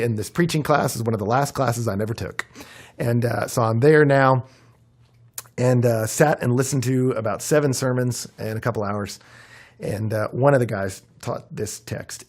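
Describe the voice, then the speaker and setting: A young man preaching a conversational sermon, his voice worn and hoarse, with frequent fillers and animated emphasis. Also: on the low side. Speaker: pastor.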